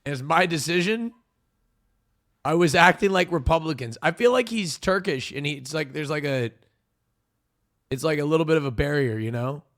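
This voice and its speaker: A man's voice: a little high, expressive, normal speed, pauses often, a bit bright. A man with a slightly raised voice reads out viewer messages during a livestream, joking as he decides on each one. His delivery is playful and casual. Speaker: co-host reading chat.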